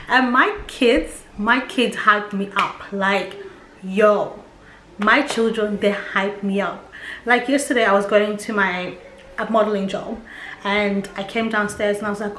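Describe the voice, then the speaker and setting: A woman's voice: medium pitch, moderate pace, a bit bright. A young adult woman, a mother vlogging at home, talking candidly and chattily in a casual style. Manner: candid and chatty, with quoted voices. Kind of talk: casual personal vlog talk. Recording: echoey room with faint hum.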